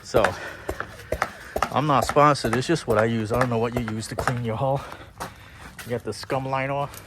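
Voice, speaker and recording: A man's voice: medium pitch, fairly even intonation, normal speed, noisy background. A man vlogging outdoors at a boatyard, talking straight to viewers in a chatty, enthusiastic way. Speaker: boating vlogger. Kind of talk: casual on-camera commentary.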